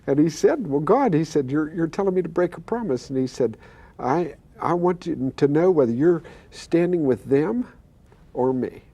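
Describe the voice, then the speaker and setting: A man's voice: a little high, expressive, moderate pace, mellow. An older man, a pastor, telling his own healing story earnestly, acting out the voices he quotes and stammering now and then. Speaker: pastor and guest. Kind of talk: telling a personal testimony.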